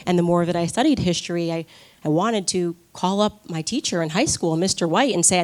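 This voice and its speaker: A woman giving a personal testimony speech at a conference, telling her story with animated energy, quick laughs and acted-out quotes. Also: fairly low pitch. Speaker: conference speaker.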